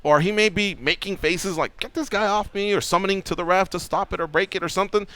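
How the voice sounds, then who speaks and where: A man hosting a sports radio show, explaining fights in an animated, emphatic way. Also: sits high, fast. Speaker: radio host.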